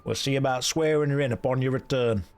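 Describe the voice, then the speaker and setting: A man voicing a gruff, commanding male naval officer in a video game, his put-on accent drifting between dialects as he reads. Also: a little high, moderate pace, pitched above the performer's own voice, natural voice. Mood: formal, commanding.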